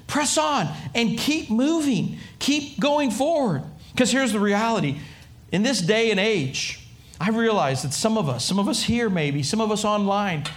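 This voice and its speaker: A middle-aged male pastor preaching a sermon in an animated way, acting out voices and often repeating himself. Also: extremely high pitch.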